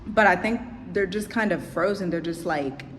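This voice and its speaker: A woman giving casual commentary to her viewers, animated, repeating herself for emphasis. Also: lowish voice, normal speed, slight background noise. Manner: animated, repetitive, talks straight to viewers. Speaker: vlogger. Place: abroad, home setting.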